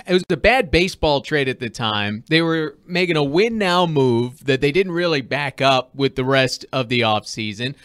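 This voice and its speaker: A man co-hosting a sports talk show, animated, opinionated and argumentative. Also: mid-range voice, moderate pace, hardly any pauses, clear, resonant tone, no echo, clean studio sound. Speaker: co-host.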